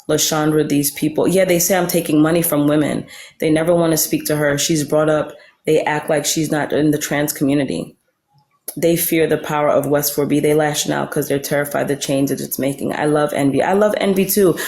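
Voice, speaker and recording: Low-voiced woman hosting a roomy live stream. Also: a little mellow. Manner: blunt, swears freely. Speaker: livestream host. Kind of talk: casual livestream chat.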